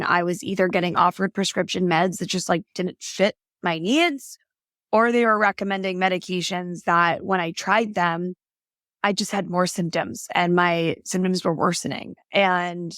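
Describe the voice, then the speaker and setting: A woman's voice: on the low side, a bit bright, dry recording, clean studio sound. A young adult woman guest on a podcast, telling her story in an earnest, casual way with frequent fillers. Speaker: podcast guest, holistic nutrition consultant. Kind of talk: casual interview conversation.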